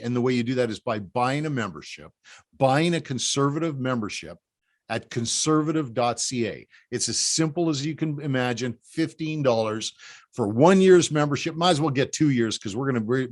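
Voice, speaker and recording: A man from Canada giving a rallying political briefing, emphatic and repetitive, urging listeners to act. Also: mid-range voice. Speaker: political organizer.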